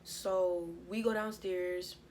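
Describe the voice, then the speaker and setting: Young woman vlogger, casual profane storyteller, animated delivery. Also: lowish voice, takes it slowly. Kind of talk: storytime vlog.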